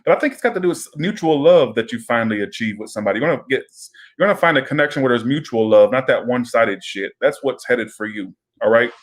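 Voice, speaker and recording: A male tarot reader talks to his viewers in a loose, rambling way, swearing freely and wandering into asides. His voice sits at an ordinary pitch for a man, and his delivery is casual and direct. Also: expressive, quick pace, few pauses. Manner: rambling, profane, chatty.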